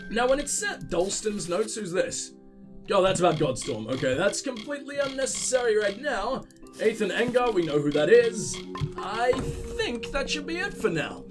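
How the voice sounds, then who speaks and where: A high-pitched man rambling through a video game with profane, sarcastic asides. His voice leaps all over the place, with faint music underneath. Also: sing-song, normal speed. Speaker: let's play host. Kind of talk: gaming commentary.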